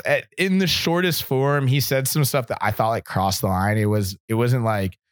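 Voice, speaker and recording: A man's voice: mid-range voice, normal speed, fairly bright tone, dry recording, studio quality. A man telling a long personal story as an interview guest, rambling with many fillers and acting out what people said. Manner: rambling, filler-heavy, acts out quotes.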